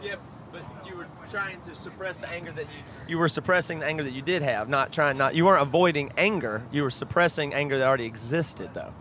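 A man's voice: fairly high pitch, fast talker, sharp tone, slight background noise. A man co-hosting a podcast, insistently correcting a co-host in casual chat.

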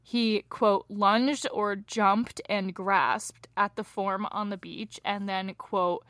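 A young woman co-hosting a true crime podcast, telling the case in a chatty, animated way and laughing often, tired from little sleep. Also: medium pitch, takes it slowly, dry recording, studio quality. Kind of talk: casual true crime chat.

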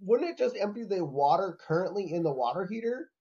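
A man co-hosting a podcast recaps an episode in casual, incredulous chat. His pitch sits high and leaps around a lot while his tone stays mellow. The recording sounds a bit muffled and lo-fi. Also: fairly quick, slightly rough. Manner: animated, incredulous, many fillers. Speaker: podcast co-host.

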